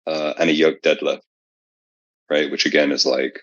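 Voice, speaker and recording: Very deep-voiced British man, halting. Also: flat delivery, fairly bright tone, no room sound. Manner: halting, filler-heavy. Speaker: podcast guest. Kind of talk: casual chat. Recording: dull lo-fi audio.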